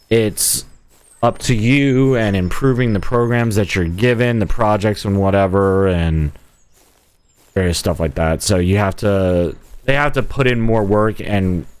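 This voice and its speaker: A man's voice: low voice, darkish tone, no room sound. A man streaming a video game live, rambling and joking as he talks to himself and his viewers. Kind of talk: casual live gameplay commentary.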